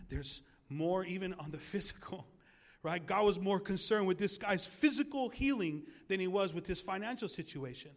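A male pastor preaching a sermon in a church, animated and jokey, asking the congregation questions. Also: high-pitched, normal speed.

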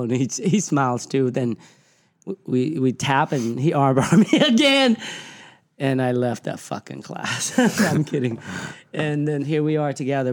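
A middle-aged man hosting a podcast, telling stories in an animated way, swearing freely and laughing along. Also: on the high side. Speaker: podcast host and gym owner. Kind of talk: casual storytelling.

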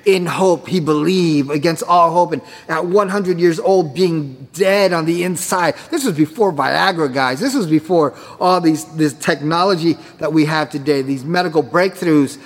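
A man's voice: on the high side, normal speed, few pauses. A man preaching a sermon as pastor, emphatic, with rhetorical questions. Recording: echoey hall with long reverb.

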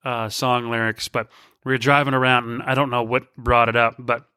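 A man hosting a podcast, talking casually and wandering off into tangents. His voice is bright and forward, with a playful streak. The sound is dry and close, with no room around it. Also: medium pitch, flat delivery, normal speed, clean tone, no room sound. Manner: rambling, goes off on tangents; playful, shifts into silly voices. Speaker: podcast host.

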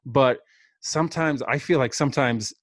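A man's voice: medium pitch, normal speed, dry recording, clean studio sound. A man in his thirties casually telling a rambling, self-deprecating story as a podcast co-host.

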